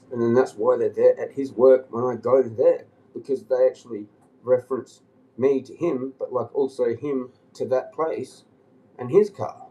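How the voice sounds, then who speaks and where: A man's voice: mid-range voice, warm tone, rough recording. A man on a livestream telling a long rambling story, agitated and swearing often. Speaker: live streamer.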